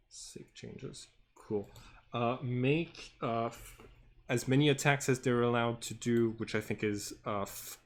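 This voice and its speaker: Slow hesitant guy running a tabletop game, lots of uhs, hums while he clicks around. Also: mid-range voice. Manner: halting, full of fillers, hums while working. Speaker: game master.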